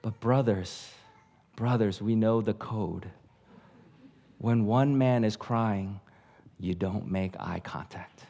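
A man as guest pastor telling a story in a sermon, animated and acting out voices, then dropping to a hush. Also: lowish voice, slow, vocal fry, pauses often. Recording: long reverb of a large hall.

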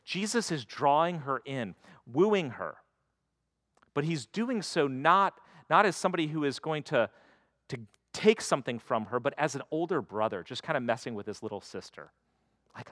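A pastor preaches a sermon conversationally, shifting into quoted voices to act out its stories. His medium-pitched voice is sing-song and a bit bright at a moderate pace, with clean studio sound and no room sound.

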